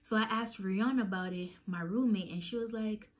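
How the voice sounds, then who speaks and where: A young woman casually telling a storytime, talking animatedly and swinging her pitch as she acts out what people said. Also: brisk, few pauses. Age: young adult.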